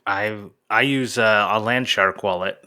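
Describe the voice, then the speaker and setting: A man's voice: on the low side, unhurried, bright, forceful tone. A man co-hosting a podcast, chatting casually and joking around. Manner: jokey, puts on a movie trailer voice. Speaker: podcast co-host. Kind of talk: casual chat.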